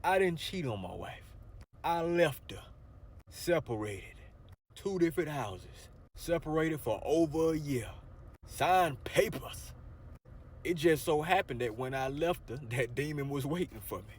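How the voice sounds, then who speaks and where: A man telling spiritual war stories from inside his car, animated and preachy, swinging from loud outbursts to low murmurs. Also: a little slow, slight background noise. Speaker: storyteller, spiritual vlogger. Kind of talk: casual storytelling to camera.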